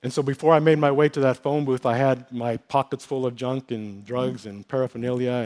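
Speaking in a mid-range, slightly mellow voice, a middle-aged pastor shares his own story as a heartfelt testimony in a sermon. His delivery is emotional and sincere, frequently broken by fillers and restarts.

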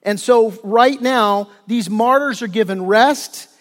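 Male pastor, high voice, casual storytelling sermon, reverberant church hall. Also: slow pace. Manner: conversational, retells scripture with casual asides. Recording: long reverb of a large hall.

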